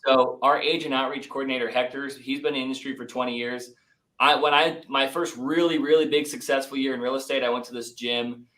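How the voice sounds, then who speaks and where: A man's voice: medium pitch, a little fast, rough recording. Chatty young man telling stories. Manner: animated, acts out quotes, says "like" and "dude" often. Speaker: business founder, podcast guest. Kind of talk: casual interview storytelling.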